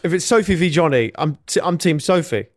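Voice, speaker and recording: Male co-host, teasing, sleepy banter; slightly high, dry close mic. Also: animated, a little fast, dry recording. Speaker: podcast co-host. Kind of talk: casual comedy chat.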